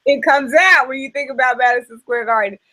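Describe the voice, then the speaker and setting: A woman hosts a relaxed conversation, with a slightly high voice. She chats in a lively, animated way and fills her talk with ums and likes. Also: brisk, poor audio. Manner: chatty, animated, many fillers. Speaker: host. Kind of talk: casual chat.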